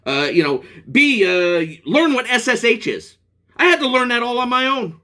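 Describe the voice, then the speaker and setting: A man's voice: extremely high pitch, big pitch swings, normal speed, bright, forceful tone. A man in a profane, rambling vlog rant about a product, angry and restarting often. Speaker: product reviewer. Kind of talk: ranting vlog.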